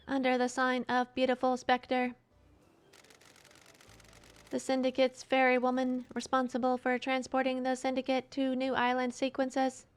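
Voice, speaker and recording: Woman reading game text in a higher voice. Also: clean tone. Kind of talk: reading dialogue aloud.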